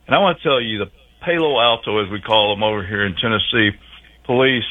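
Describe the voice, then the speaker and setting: A man's voice: fairly low pitch, quick pace. A man calling in to a talk show, rambling in a folksy, wandering way. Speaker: regular caller. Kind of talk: comedic rambling call-in. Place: calling in by phone. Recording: tinny phone line.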